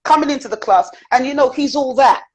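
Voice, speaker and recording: A woman with a British accent telling personal stories as a guest in an interview, animated and chatty, with frequent fillers. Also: high-pitched, a little fast, dull audio.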